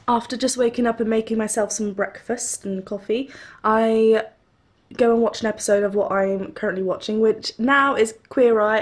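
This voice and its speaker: A young woman, a singing teacher, chatting casually to the camera at home, rambling and laughing with lots of fillers. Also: mid-range voice. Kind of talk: casual vlog chat.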